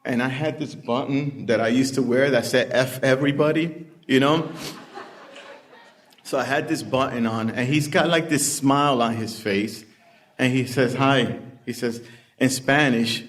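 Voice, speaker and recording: A middle-aged man speaking at a recovery meeting, giving personal testimony in an unhurried, plain-spoken storytelling way with many pauses. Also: mid-range voice, a bit bright. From Puerto Rican family background.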